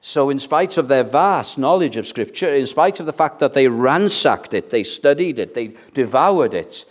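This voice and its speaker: An older man from Wales preaching a sermon, emphatic, with dramatic pauses and sudden soft drops. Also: medium pitch, lively intonation.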